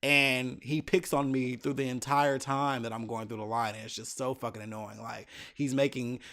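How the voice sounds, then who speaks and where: A man's voice: medium pitch, fairly even intonation, normal speed, fairly bright tone. A man in a mid-range voice tells a travel story on his solo podcast. He is loose and candid, with plenty of cursing and exasperated asides. His delivery is casual rather than polished. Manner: profane, exasperated anecdote telling with many asides. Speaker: podcast host.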